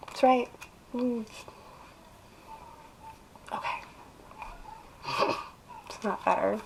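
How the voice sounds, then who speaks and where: A woman's voice: fairly high pitch, very slow, vocal fry, slight background noise, rough recording. A woman giving a casual tarot reading in an emphatic, coaxing way, drawing out her phrases. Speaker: tarot reader.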